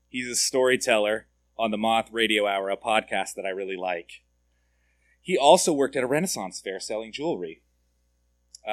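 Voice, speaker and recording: A man's voice: fairly low pitch, a bit bright, no room sound. A man giving a conversational sermon as a pastor, often asking his listeners direct questions and repeating words as he goes.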